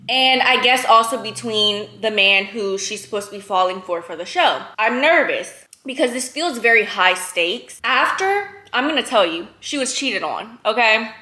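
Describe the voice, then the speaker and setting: A woman chatting casually in a reading vlog, expressive and rambling, recorded on a phone. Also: a little high, dry recording. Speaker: book vlogger.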